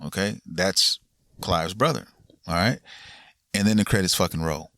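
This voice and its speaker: A man's voice: low voice, normal speed, fairly bright tone, dry recording, studio quality. A man hosting a gaming podcast, casually recapping a game's ending in a laid-back, rambling way with lots of fillers and swearing.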